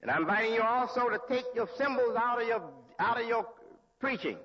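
Husky high-pitched man preaching in a hall. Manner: slow, deliberate preaching with pauses and restarts. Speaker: religious leader. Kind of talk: sermon. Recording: lo-fi hall recording with long reverb.

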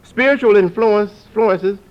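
A man preaching to an audience, who repeats phrases for emphasis and climbs to forceful peaks. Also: high-pitched, measured pace. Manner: lively, rising to forceful peaks. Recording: dull lo-fi recording.

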